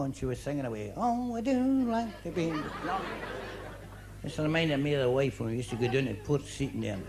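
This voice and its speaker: A Scottish comedian performing live stand-up, talking to the crowd in a chatty joke-telling patter full of "you know" and "eh?". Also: male voice, mid-range voice. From Scotland. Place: comedy club stage before a live audience. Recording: noisy live club recording with audience laughter.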